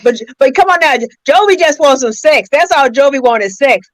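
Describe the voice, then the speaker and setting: A woman with a high voice teases sassily in slang on a casual panel. She repeats phrases to make them land. Her sound is dry and close. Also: animated, fairly quick, dry recording. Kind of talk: casual panel chat about a reality show.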